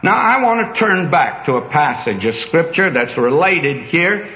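A man's voice: on the high side, big pitch swings, measured pace. An older man preaching a sermon in a folksy, emphatic storytelling manner. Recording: dull echoey hall recording.

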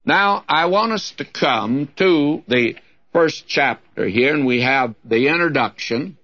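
A man teaches scripture in the emphatic, lively cadence of a radio preacher. He speaks slowly and deliberately, and his pitch swings widely as he drives his points home. The recording sounds dull and lo-fi, like an old broadcast. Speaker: Bible teacher.

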